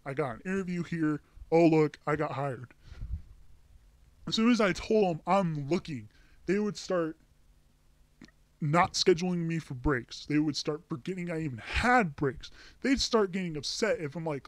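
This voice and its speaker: A man's voice: on the high side, lively intonation, moderate pace, no echo. A young man ranting to camera, telling a heated, profane story about a bad job with angry outbursts. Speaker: vlogger. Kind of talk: angry personal rant.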